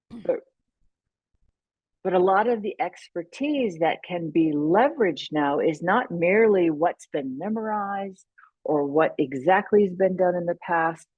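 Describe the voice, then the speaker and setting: A leadership consultant appearing as a woman guest on a podcast explains her ideas thoughtfully in a conversational interview, often restarting sentences. Her voice is on the low side, a little mellow with a breathy edge; there's no echo, but the audio is poor.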